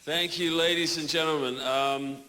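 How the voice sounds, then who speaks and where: A man's voice: on the high side, steady tone, normal speed. A man in his forties from New Zealand with a New Zealand accent, doing a stand-up comedy set on a club stage in a wry, mock-indignant way, chuckling at his own lines. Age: 40s. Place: comedy club stage before a live audience. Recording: echoey club room with audible noise.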